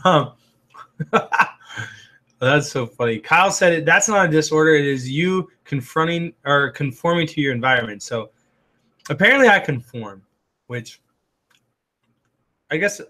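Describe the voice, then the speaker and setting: A man's voice: a little high, expressive, moderate pace, pauses often, pushed and bright. Chatty man hosting a live stream. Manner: chatty and upbeat, loose with fillers and restarts. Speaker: host answering live chat. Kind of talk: casual live-stream chat.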